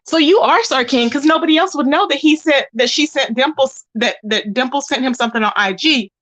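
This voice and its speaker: A woman hosting a casual livestream, reading viewers' comments aloud and reacting with lively exclamations and frequent laughter. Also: high-pitched. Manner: animated, laughs often, calls viewers baby and child. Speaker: livestream host reading chat. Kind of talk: casual chat.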